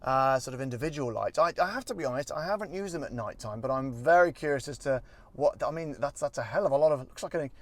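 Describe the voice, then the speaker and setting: A man's voice: medium pitch, animated, quick pace. A man hosting a casual car walkaround review, rambling with jokey, self-deprecating asides. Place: in and around a parked car.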